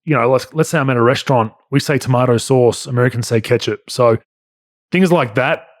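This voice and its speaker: A man's voice: medium pitch, a little fast, no echo. Australian man hosting a podcast, dry mic. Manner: laid-back, blunt, swears casually. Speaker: podcast host. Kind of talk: casual podcast chat, reading listener questions.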